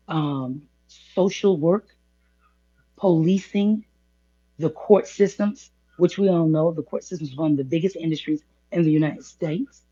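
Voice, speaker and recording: A woman's voice: low voice, warm tone, breathy edge. A woman co-hosting a podcast discussion, laying out her points one by one and stopping to clarify what she means. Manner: measured, enumerating points, insists on clarifying. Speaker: co-host. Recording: dull lo-fi sound.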